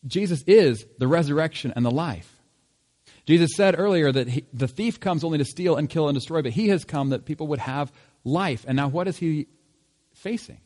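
A man's voice: fairly high pitch, moderate pace, darkish tone. A man preaching a sermon in a conversational tone, asking rhetorical questions. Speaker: pastor.

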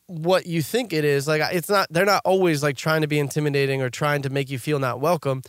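A man's voice: fairly high pitch, fairly even intonation, fairly quick, hardly any pauses, no echo, studio quality. A young man in casual podcast chat, rambling with lots of fillers and restarts.

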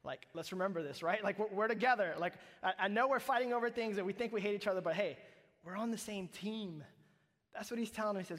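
Emphatic pastor preaching in a reverberant hall. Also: male voice, high voice, fast talker, fairly bright tone. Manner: conversational and emphatic, with frequent "like" and "right?". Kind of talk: sermon.

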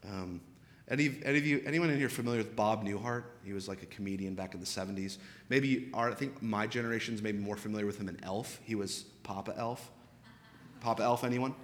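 A young man preaching a sermon as pastor, in a conversational style with animated storytelling and quick asides. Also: on the low side, big-room sound. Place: church sanctuary.

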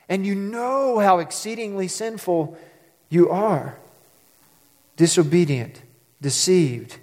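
A man's voice: fairly high pitch, a little mellow, long reverb tail. A man delivering a sermon as a pastor, conversational and storytelling, with dramatic emphasis on key words.

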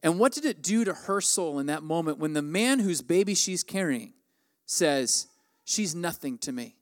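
High-voiced man preaching a conversational sermon. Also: expressive, moderate pace. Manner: conversational, acts out quoted lines with raised pitch. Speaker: pastor.

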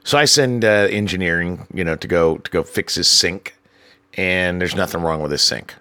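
Animated male storyteller, dry sound. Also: moderate pace, clear, resonant tone, no echo. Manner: animated, acts out dialogue with raised pitch, profane. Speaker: hotel manager telling work stories. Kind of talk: casual storytelling.

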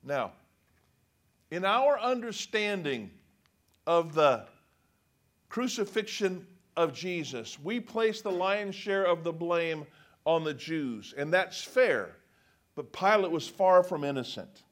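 A man's voice: a little high, expressive, takes it slowly, fairly bright tone. A man preaching a sermon, reading scripture aloud and acting out the quoted speakers. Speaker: pastor.

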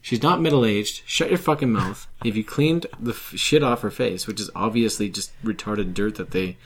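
A man's voice: on the low side, moderate pace, breathy edge. A man in a casual podcast chat, defending his opinion with blunt, profane pushback. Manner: defensive, argumentative. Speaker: podcast co-host.

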